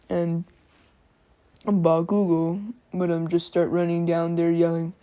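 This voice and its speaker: A woman's voice: on the low side, little pitch movement, moderate pace, dark tone. A sleepy woman telling a fan story in a casual, slangy, drawling way with many fillers.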